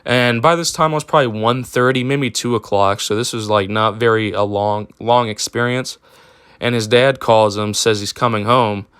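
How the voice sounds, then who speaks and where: A man's voice: mid-range voice, steady tone, normal speed, fairly bright tone, clean tone, no room sound, clean studio sound. Rambling young man telling a story. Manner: rambling, full of fillers and swearing. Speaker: storytime vlogger. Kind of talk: casual storytelling.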